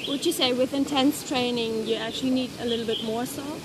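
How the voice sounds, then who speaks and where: A woman's voice: sits high, steady tone, brisk. Hesitant woman asking a question outdoors. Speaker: audience member asking questions. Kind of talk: casual questions. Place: outdoor festival gathering. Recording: noisy outdoor ambience with traffic.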